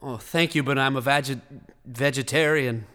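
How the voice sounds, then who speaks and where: A man's voice: medium pitch, moderate pace, pushed and bright, close to an everyday voice. A man playing a bashful, tongue-tied stranger in a live stage parody, fumbling his words. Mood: flustered. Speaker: stage comedian. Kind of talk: live musical-theater parody. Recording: reverberant theater stage.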